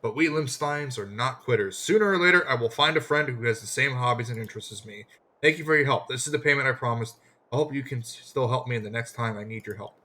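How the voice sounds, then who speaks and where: A man's voice: medium pitch, fast talker, sharp tone, lightly acted. A man reading as a lonely rich young man. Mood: earnest. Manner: plain read-aloud, no put-on voice.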